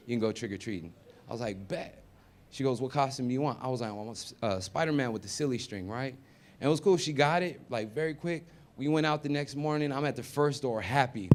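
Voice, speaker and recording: A man performing a stand-up comedy set, chatty and conversational, dropping to mumbled asides and jumping up loud for punchlines. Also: medium pitch, a little hiss or hum. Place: comedy venue with live audience.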